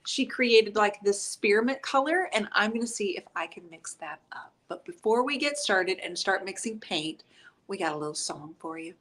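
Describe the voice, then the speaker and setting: A middle-aged woman teaching a painting class on a livestream in a craft workspace. She talks in a chatty, upbeat way and jokes easily with her husband off to the side. Her pitch sits in a middle range for a woman. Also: lively intonation, normal speed, a bit bright. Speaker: host and paint instructor. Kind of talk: casual live-stream painting tutorial.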